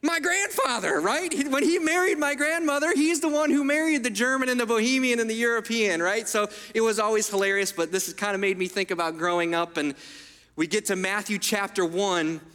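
High, bright-voiced man preaching in a hall. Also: brisk. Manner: conversational, asks the room for agreement. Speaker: pastor. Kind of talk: sermon.

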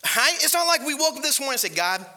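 A man preaching a sermon in an animated, conversational way, asking his listeners questions. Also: very high voice, racing. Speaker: pastor.

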